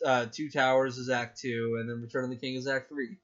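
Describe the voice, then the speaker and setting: A man's voice: mid-range voice, fairly quick. Rambling young man on a lo-fi podcast. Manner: rambling, excitable, lots of fillers. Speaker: podcast co-host. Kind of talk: casual chat. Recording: dull lo-fi sound.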